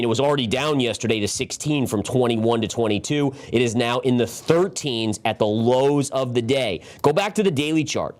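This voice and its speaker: Middle-aged male host, live market analysis, emphatic and animated, mid-range voice, talks to viewers directly. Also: medium pitch. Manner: quick talk, sometimes winded. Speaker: market strategist and show host.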